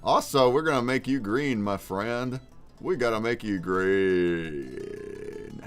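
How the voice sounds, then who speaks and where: A man's voice: lowish voice, expressive, slow pace, faint music behind. A man hosting a livestream in casual chat, hyped and calling out viewers by name. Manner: hyped, calls out chatters by name. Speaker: livestream host.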